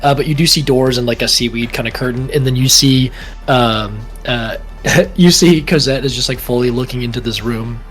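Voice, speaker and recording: A man's voice: medium pitch, normal speed, a bit bright, soft background music. A man narrating as dungeon master in a tabletop game, rambling with lots of fillers. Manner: rambling, full of fillers and hedges.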